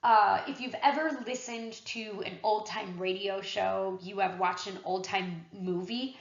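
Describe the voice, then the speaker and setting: A woman's voice: mid-range voice, fairly even intonation, measured pace. Woman history teacher, casual classroom lecture delivery with fillers, roomy echo, slightly dull sound.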